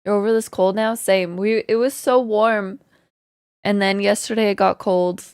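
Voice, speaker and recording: A woman streamer chatting casually with her viewers, greeting them and laughing often, her voice slightly hoarse. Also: medium pitch, fairly even intonation, moderate pace, a little mellow, no room sound, studio quality. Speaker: live streamer. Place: home in Canada.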